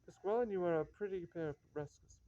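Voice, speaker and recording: A man voicing a sharp, scolding noblewoman who is disguised as a man, in a reading of a stage comedy. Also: high-pitched, fast talker, dry recording, lightly acted. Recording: dull lo-fi recording.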